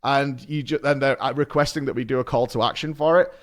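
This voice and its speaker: A man streaming, telling stories in a casual, animated way, swearing and laughing often. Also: medium pitch, fast. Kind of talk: casual chat.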